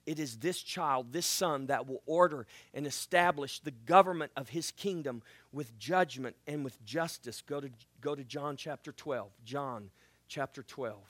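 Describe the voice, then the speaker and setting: A man preaching a sermon as pastor, swinging from loud proclaiming to hushed near-whisper and acting out Bible voices with playful asides. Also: mid-range voice, a little slow, dry recording, clean studio sound.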